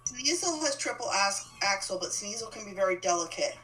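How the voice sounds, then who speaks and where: A woman's voice: medium pitch, animated, brisk, fairly bright tone, distant mic, soft background music, low-quality recording. A woman co-playing on a game stream, talking casually with many hesitations and restarts. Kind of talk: casual gaming chat.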